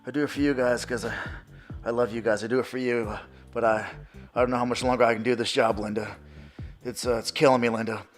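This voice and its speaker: A man's voice: medium pitch, steady tone, quick pace, soft background music, voice pushed down, natural voice. A man voicing a crude, self-pitying male porn actor who moans to his wife about his job, as an improvised comic bit. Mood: weary.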